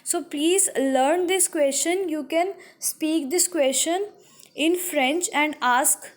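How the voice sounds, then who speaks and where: A woman with an Indian English accent teaching a French lesson to school pupils, slowly repeating each phrase and explaining it. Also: high voice. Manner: slow and repetitive, spelling things out for pupils. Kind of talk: online classroom lesson.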